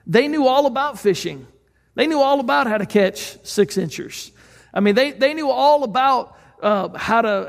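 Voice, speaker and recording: A man's voice: very high voice, creaky, long reverb tail. A man preaching a sermon as pastor, speaking in a conversational, earnest way and asking the listeners questions.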